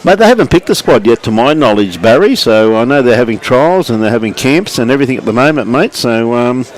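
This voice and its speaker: A man's voice: medium pitch, expressive, a little fast. An Australian man giving live lawn bowls commentary at the club, chatty, greeting viewers by name and calling everyone mate.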